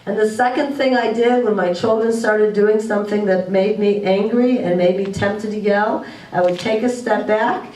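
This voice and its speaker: In an echoey school room captured by a distant mic, a woman of medium pitch with a slightly mellow voice addresses parents. She gives earnest advice and checks in with tag questions, and there's a little hiss or hum.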